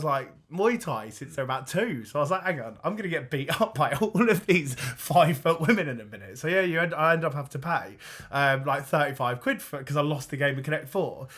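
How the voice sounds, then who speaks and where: A man as a podcast guest, telling lively anecdotes with frequent laughs. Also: on the high side. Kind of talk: casual banter.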